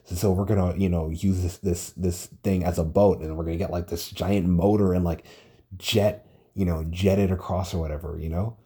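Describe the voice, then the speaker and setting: A young man talking alone on a casual podcast, rambling and excitable, swearing a lot as he retells a story. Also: deep voice, normal speed, breathy edge. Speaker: podcast host. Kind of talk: casual solo podcast monologue.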